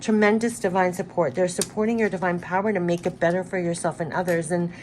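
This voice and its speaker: A woman's voice: lowish voice, fairly even intonation, fast, darkish tone, slight background noise. Tearful, earnest woman reading cards. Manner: emotional, repetitive, earnest, moved to tears. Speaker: tarot card reader. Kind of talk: spiritual card reading.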